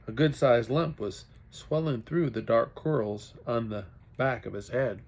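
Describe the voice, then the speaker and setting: Male hobby reader, children's book, slow and expressive, mid-pitched, sometimes stops to fix his own slips. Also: gravelly, husky. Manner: amateur reading with self-corrections. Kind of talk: reading a children's novel aloud.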